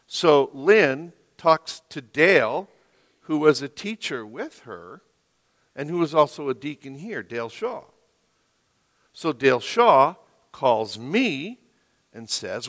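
A man preaching a sermon as the pastor of a church, slow and emphatic, leaning hard on key words. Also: fairly high pitch, expressive. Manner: slow, emphatic preaching with rising, loud stresses. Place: church sanctuary. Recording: long reverb of a church hall.

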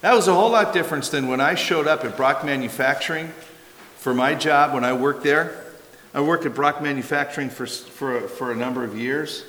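A man's voice: a little high, moderate pace, fairly bright tone. An older man preaching a sermon as a pastor, conversational and emphatic, asking rhetorical questions and adding asides. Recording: long reverb of a large hall.

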